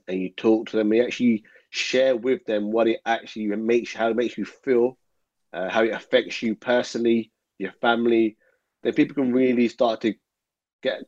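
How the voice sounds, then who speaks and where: A man's voice: mid-range voice, a little mellow, no echo. A man, a former footballer speaking as an interview guest, earnest and rambling with many fillers. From England. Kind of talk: reflective interview talk. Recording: dull, dry audio.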